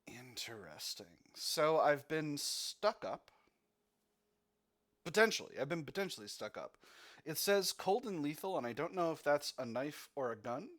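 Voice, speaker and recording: A man's voice: a little high, very animated, a little slow, fairly bright tone. A man hosting a gaming channel, reading the game text aloud and thinking aloud about his choices.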